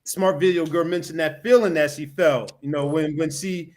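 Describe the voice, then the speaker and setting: A man's voice: a little high, fairly even intonation, normal speed, a little mellow. A man hosting a casual podcast chat over a video call, rambling with lots of "you know" fillers.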